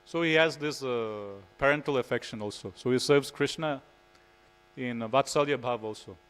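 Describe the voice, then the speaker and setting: A man's voice: medium pitch, normal speed, a bit bright, clean tone, rough recording. A man giving a devotional scripture class in a temple, telling stories in a casual way with frequent "you know". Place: temple hall.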